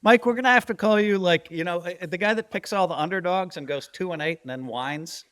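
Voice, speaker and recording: Emphatic high-voiced male podcast host. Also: fairly quick, fairly bright tone, clear, resonant tone, no echo, studio quality. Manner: emphatic, bantering, rant-style delivery. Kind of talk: casual sports betting podcast rant.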